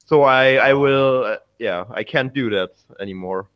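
A man from Germany with a German accent, chatting casually on a podcast, talking haltingly with frequent restarts. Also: medium pitch, no room sound, dull audio. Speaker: podcast co-host. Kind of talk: casual chat.

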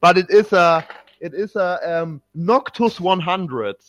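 A German-accented man in a casual podcast chat. He speaks slowly and haltingly, restarting his sentences, in a fairly high voice. The sound is dry and close. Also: a bit bright, no room sound. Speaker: podcast co-host.

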